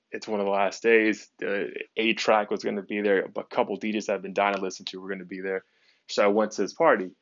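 A young man with a lowish voice tells a personal story as a podcast host, candid and peppered with swearing and "you know"s. The sound is dry and close, but a little dull and lo-fi. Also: dry recording. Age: young adult. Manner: candid, heavy swearing, lots of fillers.

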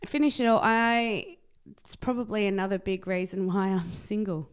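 Smooth-voiced Australian woman. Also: medium pitch, moderate pace. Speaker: podcast co-host. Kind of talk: casual chat.

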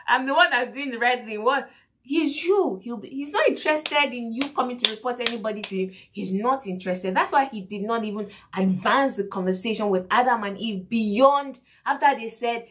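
A woman's voice: a little high, expressive, normal speed, a bit bright. A woman preaching a sermon lesson, repeating key lines, asking the listeners questions and acting out the quotes. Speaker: preacher and teacher.

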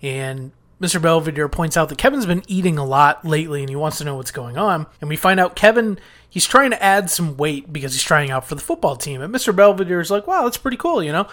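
A man talks through a sitcom episode in a relaxed, conversational recap. His voice sits a little higher than most men's. He retells scenes and quotes the characters as he goes. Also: brisk. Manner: chatty, retelling scenes with quoted lines and small restarts. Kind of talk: casual recap commentary.

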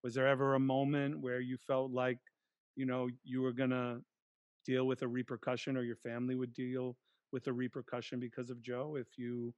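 Man, 50s, podcast guest: salty, lively storyteller, mid pitch, dry sound. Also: normal speed, clear, resonant tone, dry recording, dull audio. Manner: profane, animated storyteller.

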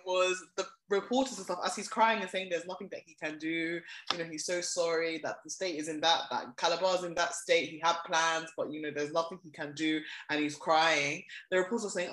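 A blunt, gossipy podcast co-host chatting casually and getting animated when worked up. The room leaves a noticeable echo around the voice. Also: medium pitch, fairly quick, few pauses. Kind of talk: casual chat.

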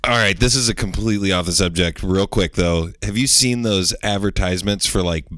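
Low-voiced man in casual podcast chat. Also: a little fast, fairly bright tone, no room sound. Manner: rambling, full of fillers and restarts. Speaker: podcast co-host.

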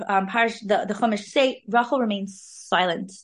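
A woman giving an informal, animated weekly Torah talk, sprinkling in Hebrew terms. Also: mid-range voice, moderate pace. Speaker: Torah class speaker.

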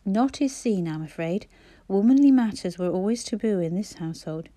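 A woman's voice: medium pitch, expressive, moderate pace, dark tone, lightly acted. A woman voicing a polite, considerate young man in a storybook. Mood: earnest. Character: kind, helpful young man, earnest.

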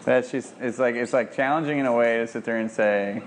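A man working as a dog trainer, coaching an owner at home with lively praise for the dog. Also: medium pitch, brisk, background noise. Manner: lively, sing-song praise for a dog between plain explanations. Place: home kitchen.

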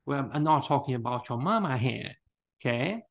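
A man's voice: medium pitch, expressive, moderate pace, creaky. A man hosting a podcast, chatting casually and teasing his co-host, often laughing. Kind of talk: casual chat.

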